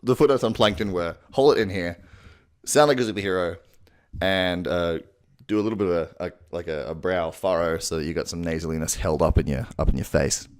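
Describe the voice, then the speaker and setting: A man's voice: low voice, fairly quick. A man giving a crude, rambling, self-mocking voice-impression tutorial at home. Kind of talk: casual tutorial. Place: home room at night.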